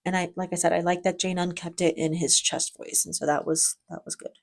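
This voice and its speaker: A woman's voice: fairly low pitch, little pitch movement, a little fast, gravelly. A woman hosting a reaction video, giving casual commentary in a chatty, enthusiastic way with frequent restarts.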